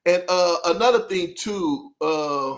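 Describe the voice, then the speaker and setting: Speaking slowly in a high voice, a man hosts a laid-back album review. He wanders off track, interrupts himself, and keeps breaking into laughter and apologies as he talks straight to the people watching.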